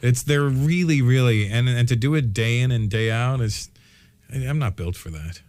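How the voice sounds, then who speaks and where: A man in his forties chats as a comedian guest in a radio studio, and his voice sits at an ordinary middle pitch. He talks frankly, jokes a lot and laughs often, tripping over the first words of his sentences. The sound is close and dry, with no room around it. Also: normal speed, a little mellow, no room sound. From Canada. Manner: frank, joking, laughs often, stammers at starts. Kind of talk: casual radio interview chat. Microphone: studio mic.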